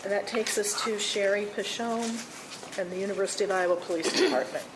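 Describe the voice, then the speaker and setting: A woman runs a public board meeting in a mid-range voice, calling for motions and votes briskly and with a dry little joke now and then. Loud hiss and clicks cover the recording. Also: medium pitch, fairly even intonation. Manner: brisk, lightly joking procedural calls. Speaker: board chair running the meeting.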